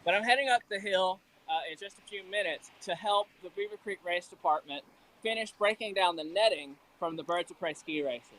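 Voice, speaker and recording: A man's voice: high-pitched, brisk, a bit bright, low-quality recording. A man from Alabama with a Southern accent, chatting through a live report from outdoors at a ski lift. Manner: chatty, self-deprecating. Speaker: field reporter.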